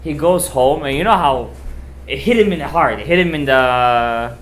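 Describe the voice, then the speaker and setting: A man who is a rabbi, telling a Torah story at a festive meal, animated and acting out the voices, sprinkling Hebrew and Yiddish words into casual English. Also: mid-range voice, normal speed, a little hiss or hum. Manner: animated, acts out the quoted voices. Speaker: rabbi giving a Torah talk.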